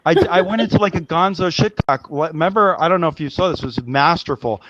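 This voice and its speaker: A man's voice: on the high side, fast, fairly bright tone, muffled recording, a little hiss or hum. A man hosting a live web show, talking in a rambling, agitated way and swearing often. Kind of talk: casual live-stream chat.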